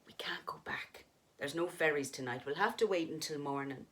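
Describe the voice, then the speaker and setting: Patient, soothing ghost husband, read by a woman, quiet and steady. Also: low-pitched, brisk, voice pushed down. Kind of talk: dramatic story reading.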